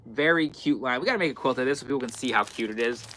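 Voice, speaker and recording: A man's voice: medium pitch, racing, bright, forceful tone, a little hiss or hum. A man hosting a live-stream fabric sale, chatting casually and repeating item numbers as he goes. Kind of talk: live-stream sales chat. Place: indoor fabric shop in the far north.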